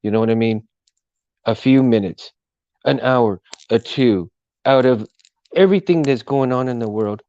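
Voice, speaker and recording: A man's voice: medium pitch, normal speed, long pauses, no echo, highs cut off. Rambling laid-back man streaming. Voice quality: self-described monotone. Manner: rambling, full of fillers and restarts. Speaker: live stream host. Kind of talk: casual live-stream chat.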